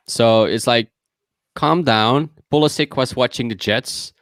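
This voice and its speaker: A man's voice: mid-range voice, moderate pace, smooth, no room sound. A man co-hosting a casual podcast, rambling through lists of names and sounding exasperated at the hype. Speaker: podcast co-host.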